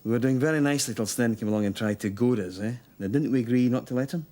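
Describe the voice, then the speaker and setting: An actor playing a caring husband in a TV soap, talking in a soothing, coaxing way. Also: male voice, mid-range voice, fast talker, darkish tone, close to an everyday voice. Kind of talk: TV soap drama.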